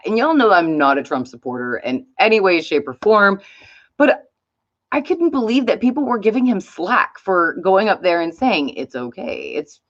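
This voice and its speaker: A middle-aged woman, telling a story in a casual vlog and swearing freely. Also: medium pitch. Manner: chatty, swears freely, animated retelling. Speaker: YouTube host. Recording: slightly dull lo-fi sound.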